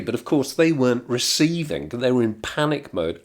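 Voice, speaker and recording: A middle-aged man from England, telling a rambling comic story in a deadpan, digressive way with muttered asides. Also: mid-range voice, moderate pace. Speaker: vlogger.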